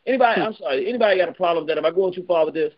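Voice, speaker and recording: A man with a notably high voice hosts a call-in radio show, talking loud and forceful, almost shouting his points. The sound is dull and lo-fi, like an old internet radio stream. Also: rapid-fire, a little hiss or hum. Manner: loud, emphatic, near yelling. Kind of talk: heated call-in radio talk.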